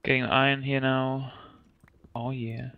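A man's voice: medium pitch, little pitch movement, measured pace, dry recording, phone-quality sound. A man chatting playfully during a game, laughing often. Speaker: game player. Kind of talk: casual gaming chat.

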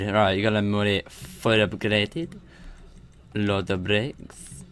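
A young man casually commenting on his own gameplay, rambling and excitable, swearing and laughing as he goes. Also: on the low side, slow.

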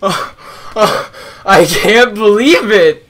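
A man reacting live to opening a game case, gasping, shrieking and repeating exclamations, breathless with excitement. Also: high-pitched, takes it slowly. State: overexcited, breathless. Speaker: channel host.

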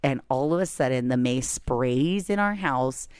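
A woman in her forties co-hosting a podcast, telling a story in a lively way and laughing often. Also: very deep voice, measured pace, clean tone, dry recording, studio quality. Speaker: podcast co-host. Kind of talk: casual chat, animated storytelling.

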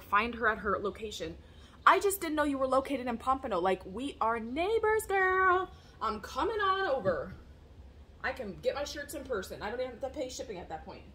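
A woman chatting straight to her phone camera at home, excitable and a little out of breath, in a casual vlog. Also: fairly high pitch, a little hiss or hum. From Florida, USA. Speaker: vlogger and small business owner. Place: at home, indoors.

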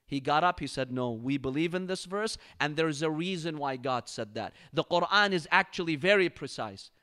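Man, preacher, high voice, bright tone, recites verses. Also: moderate pace, smooth. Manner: expressive storyteller reciting Arabic verses. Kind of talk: Ramadan lecture. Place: mosque.

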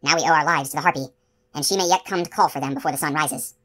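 A man's voice: fairly high pitch, rapid-fire, sharp tone, slight background noise. A woman voicing Schmendrick, a weary self-doubting magician. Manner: bitter, pleading, flares into frantic curses. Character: shabby, self-doubting male magician, middle-aged.

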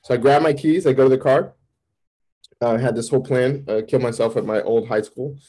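In an interview, a campus minister gives a candid personal testimony, telling it vividly with sudden jumps in pitch. He speaks a little fast in a mellow voice, and the recording is rough.

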